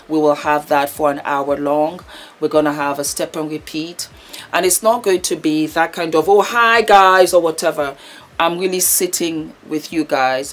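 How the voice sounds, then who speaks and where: A middle-aged woman hosting her own channel, talking casually and then recapping a news story, chatty and warm with animated outbursts. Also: low-pitched, slight background noise. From Britain. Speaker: YouTube channel host. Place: London.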